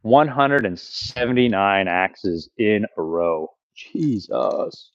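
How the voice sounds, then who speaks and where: A man's voice: lowish voice, slow pace, hardly any pauses, dull audio, noisy background. A man live-streaming his backyard axe throwing, counting his throws aloud, swearing and talking to his chat. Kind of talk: live-stream commentary while throwing axes. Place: backyard outdoors.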